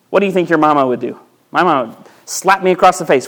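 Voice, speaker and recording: A man's voice: on the high side, fast talker, fairly bright tone. A male pastor preaching a sermon in a conversational way, asking his listeners rhetorical questions and restarting phrases by repeating words. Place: church sanctuary.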